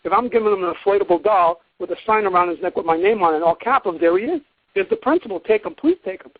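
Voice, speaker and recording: A man's voice: high-pitched, quick pace, dry recording. A man lecturing emphatically on a call-in program, acting out courtroom exchanges as he goes. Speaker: guest teacher on a call-in program. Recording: tinny dry phone line.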